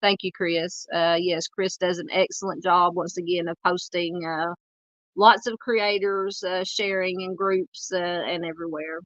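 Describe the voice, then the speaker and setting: A woman in her forties with a Southern US accent, hosting a true crime livestream and chatting loosely with viewers, halting and full of fillers. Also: lowish voice, steady tone, a bit bright, dry recording, dull audio. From United States. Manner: rambling, halting, lots of fillers while searching the screen. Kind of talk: casual livestream chat reading comments.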